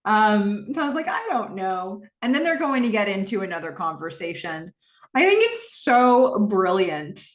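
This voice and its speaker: Podcast host, woman, casual recap with an expressive, swinging pitch and a roomy sound. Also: normal speed. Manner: animated, narrates scenes and reads out dialogue.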